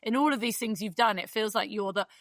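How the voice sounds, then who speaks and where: A woman hosting a podcast, chatting warmly and gushing over her guest. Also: medium pitch, fast talker, no echo. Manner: effusive, gushing. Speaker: podcast host. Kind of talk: casual chat.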